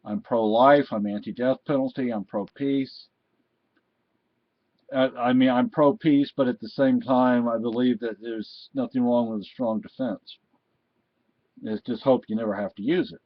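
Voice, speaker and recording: A middle-aged man with a medium pitch delivers an indignant, lecturing political rant straight to camera. The sound is dull and lo-fi, and it is dry, with no room echo. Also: steady tone, unhurried. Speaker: vlogger.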